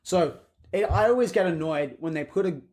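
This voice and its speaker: A man's voice: fairly high pitch, animated, normal speed, a little mellow. A man co-hosting a podcast, giving opinionated film takes with many fillers and restarts. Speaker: podcast co-host. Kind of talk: casual film review chat.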